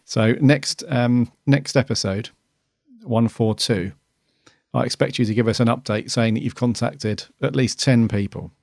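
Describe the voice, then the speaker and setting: A man's voice: medium pitch, measured pace, vocal fry, darkish tone, dry recording, studio quality. A man co-hosting a casual podcast, jokey and chatty, laughing often and restarting sentences. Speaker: podcast co-host.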